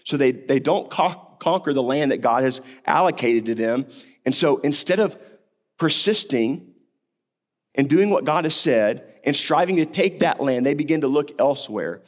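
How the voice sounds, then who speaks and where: A man's voice: medium pitch, expressive, moderate pace. A man preaching a sermon, talking through a Bible passage in a conversational way with rhetorical questions, coughing now and then. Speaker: pastor.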